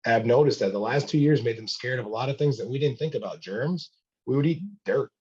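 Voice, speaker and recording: A man's voice: mid-range voice, a little fast, background noise. A man hosting a casual talk show who speaks in an encouraging, emphatic way. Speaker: host. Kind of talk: casual chat. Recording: slightly muffled lo-fi sound.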